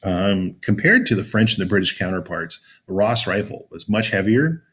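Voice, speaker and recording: Man, lower voice, informal teacher, chatty lecture, fillers, dry sarcastic asides. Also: expressive, normal speed, fairly bright tone, slightly rough. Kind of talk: casual classroom lecture.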